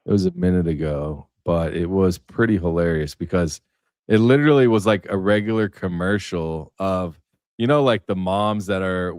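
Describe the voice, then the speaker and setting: A man's voice: sits low, normal speed, darkish tone, no room sound, studio quality. A man hosting a casual livestream, telling stories in a rambling way with many fillers. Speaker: livestream host.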